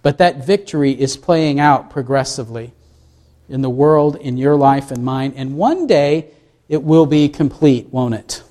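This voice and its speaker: A man's voice: medium pitch, unhurried, warm tone. A man preaching a sermon, reading scripture and asking the congregation questions as he explains it. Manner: asks the congregation questions, reads scripture aloud. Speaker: pastor.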